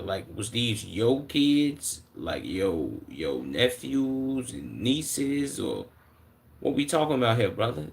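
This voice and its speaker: A Chicago man in his twenties reacts casually and in slang on a live stream, often sounding incredulous and stumbling over his words. His voice is mid-range with some vocal fry.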